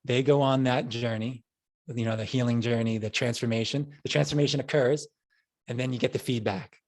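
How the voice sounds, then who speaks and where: A man's voice: medium pitch, fairly even intonation, a little fast, darkish tone. A middle-aged man with a New York accent, a podcast guest telling stories in a rambling, casual way with frequent restarts. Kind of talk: casual interview.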